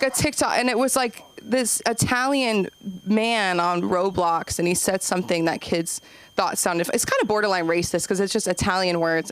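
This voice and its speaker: A young woman doing open mic stand-up, rambling and self-deprecating, acting out quoted voices with sudden jumps up in pitch. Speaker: stand-up comedian.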